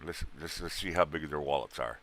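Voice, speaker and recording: A man's voice: rumbling low, brisk, fairly bright tone. A tired man hosting a casual livestream, joking and drawling as he tries to sell items. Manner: joking, drawling, mock auctioneer patter. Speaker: livestream host selling game items.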